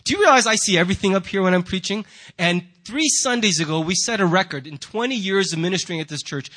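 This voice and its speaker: A man preaching a sermon in church, animated and jokey, acting out voices to make his points. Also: sits high, fast. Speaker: pastor.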